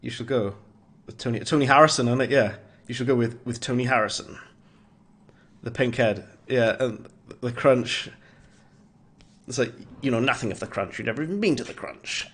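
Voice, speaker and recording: A man's voice: mid-range voice, normal speed, fairly bright tone, husky. A man giving casual, rambling gameplay commentary as a streamer, chuckling at his own jokes. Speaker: gaming streamer. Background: faint game music.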